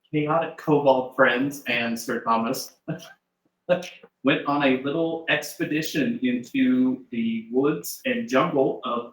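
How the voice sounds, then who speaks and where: A man running a tabletop game, recapping the last session in a loose, rambling way with many hesitations and little chuckles. His voice sits at an ordinary middle pitch. The sound carries a roomy echo from the shared space around the table. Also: fairly bright tone. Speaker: game master. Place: shared room with players at a live-streamed table. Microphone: desk mic with in-ear monitor.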